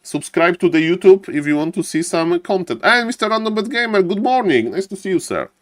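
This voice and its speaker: A man's voice: sits high, expressive, a little fast, no room sound. Non-native male esports caster, showman patter with chat asides; dry, close sound. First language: not English. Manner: showman-like, keeps repeating "ladies and gentlemen"; chatty, greets viewers and jokes with chat. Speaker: streamer and game caster. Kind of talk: live esports commentary.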